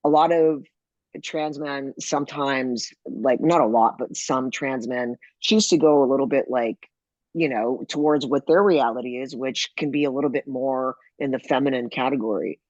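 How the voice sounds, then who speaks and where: A man speaking as a podcast guest, telling personal stories in a lively way and acting out the people he quotes. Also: medium pitch, moderate pace, no echo, dull audio. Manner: animated, acts out quoted people. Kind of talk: conversational storytelling.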